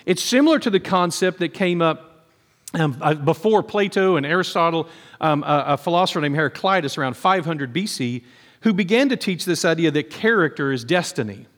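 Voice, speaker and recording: A pastor delivers a conversational sermon in a church sanctuary, frequently performing quoted voices, and the recording carries a long hall reverb. He speaks a little fast in a fairly high, bright, expressive voice.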